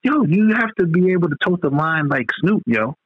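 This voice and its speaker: A man's voice: on the high side, expressive, moderate pace, slightly rough, no room sound, narrow, tinny audio. A man in casual podcast chat, talking loosely and profanely, rambling between points with lots of restarts.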